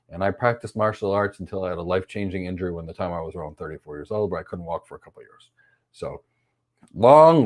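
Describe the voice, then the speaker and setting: Middle-aged male host, animated delivery, punchy repeated phrases, career coaching talk. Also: fairly low pitch. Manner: emphatic, repeats key phrases. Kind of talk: live stream career talk.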